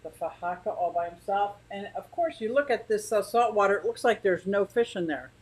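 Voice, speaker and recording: A woman's voice: mid-range voice, lively intonation, fairly quick, rough recording. A woman hosting a casual livestream from her living room, rambling chattily and greeting viewers by name. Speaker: aquarium channel host.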